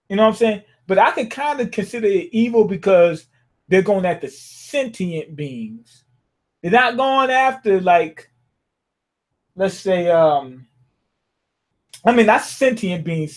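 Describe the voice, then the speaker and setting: A young man giving a casual, rambling review of a manga chapter, talking loosely and often checking in with his listeners. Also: high-pitched. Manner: rambling, loose and conversational, often asks "you know what I'm saying?".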